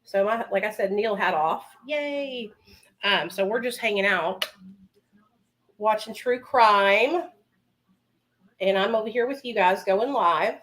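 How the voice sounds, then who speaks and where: A woman's voice: medium pitch, slow pace, long pauses, fairly bright tone. A woman chatting casually with her livestream viewers from home while doing her makeup, calling them honey and baby. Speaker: livestream host.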